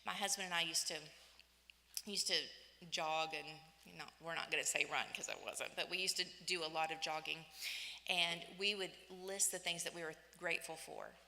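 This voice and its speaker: A woman in her fifties giving an inspirational church talk, telling personal stories in an animated way and acting out the voices she quotes. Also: fairly low pitch, normal speed, vocal fry. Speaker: women's day church speaker. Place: church hall. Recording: echoey church hall.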